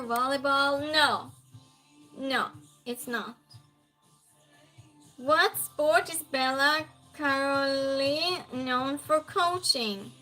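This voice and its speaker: A woman's voice: high voice, bright, forceful tone. A woman hosting a live trivia stream, reading questions aloud and chatting with viewers.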